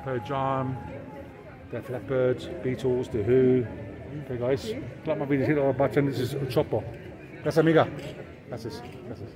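A man's voice: medium pitch, fairly even intonation, moderate pace, long pauses. A man, vlogging casually as he walks through a busy outdoor street market, chatting to the camera and to stallholders in broken Spanish. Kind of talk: casual walking vlog. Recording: noisy outdoor market crowd. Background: crowd chatter and passing traffic.

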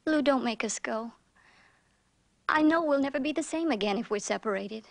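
A pleading gangster's wife. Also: female voice, sits high, animated, normal speed. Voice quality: earnest, pleading. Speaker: actress in a crime film. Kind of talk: 1970s film acting.

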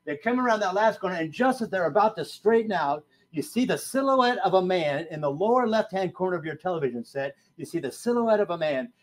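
A fairly high-pitched man preaches a sermon in a church, spinning a story for the congregation. He pushes some lines out loud and drops to a near hush on others, always animated. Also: brisk, few pauses. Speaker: pastor. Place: church sanctuary.

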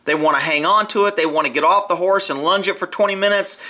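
A man's voice: high voice, fast, pushed and bright. Blunt, profane man commenting on a video. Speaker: video commentator on horse training. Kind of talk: casual spoken commentary over a video.

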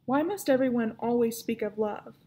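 A woman's voice: fairly high pitch, moderate pace, noisy background, close to an everyday voice. A woman reading aloud and voicing a proud, spoiled young princess who speaks haughtily. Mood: haughty. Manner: haughty and indignant.

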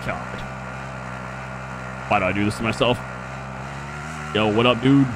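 A young man commenting on his own shooter match, cursing and getting excited as the action swings. His pitch leaps around with a lively range. Clear game noise sits under his voice throughout. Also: measured pace. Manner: profane, excitable, talks to himself. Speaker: gaming streamer. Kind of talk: live gameplay commentary. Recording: game sound mixed under voice.

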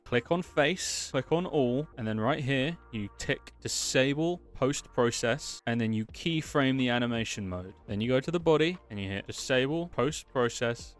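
A chatty man giving a casual screen-share tutorial on his animation work, explaining each step and thanking his viewers. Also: mid-range voice. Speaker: creator walking through his animation work.

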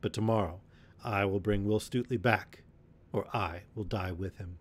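A man's voice: on the low side, moderate pace, husky. A man reading as Robin Hood, rousing outlaw leader. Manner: rousing, archaic speech. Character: bold outlaw leader, male, commanding. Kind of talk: storybook reading.

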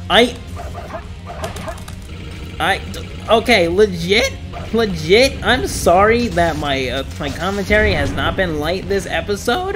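A man giving excitable gameplay commentary, yelling in frustration and rambling. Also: high voice, slow, pauses often, loud music behind the voice. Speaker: gaming YouTuber.

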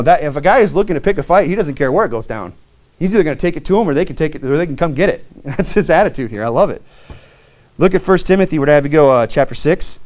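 A man, a pastor, preaching a sermon in a plainspoken, earnest way with many conversational fillers. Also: darkish tone. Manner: reads King James scripture aloud, rising in pitch on key verses.

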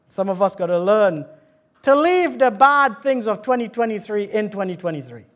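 A man with a British accent preaching a lively sermon in church, calling out to the congregation and joking with them. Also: sits high, moderate pace. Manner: fervent, calls out to the congregation and jokes. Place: church hall.

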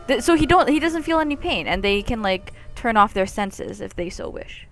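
A young woman giving casual commentary while playing a game, chatty and jokey with sudden loud outbursts. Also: on the high side, sing-song, normal speed, hardly any pauses, soft background music. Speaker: let's play gamer.

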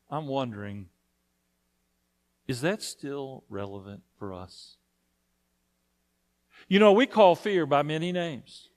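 Man preaching a conversational sermon. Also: on the high side. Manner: conversational, asks the congregation questions. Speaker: pastor. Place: church sanctuary.

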